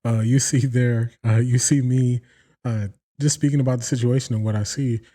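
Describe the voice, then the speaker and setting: At a medium pitch and normal speed, an American man hosts a casual sports commentary show. Addressing viewers head-on, he gets animated and acts out the quotes he's breaking down.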